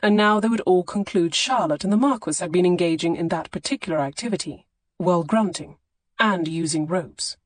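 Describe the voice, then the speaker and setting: A woman narrating a historical romance audiobook in a measured, expressive reading on a close studio mic. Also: on the low side, no room sound. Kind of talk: scripted narration.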